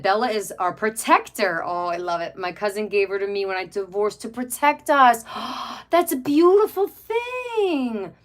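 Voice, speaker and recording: A middle-aged woman hosting a home craft livestream, chatting casually, rambling and gushing, reading viewer comments aloud. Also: medium pitch. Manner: rambling and chatty, gushes over pets, many fillers. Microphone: webcam.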